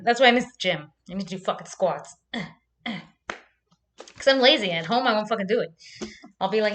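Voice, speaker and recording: Young woman vlogger, loose and chatty, salty language, quick to laugh. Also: mid-range voice, expressive, fairly bright tone, slight background noise. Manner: chatty and loose, swears freely, laughs often. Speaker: vlogger hosting a live chat. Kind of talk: casual livestream chat.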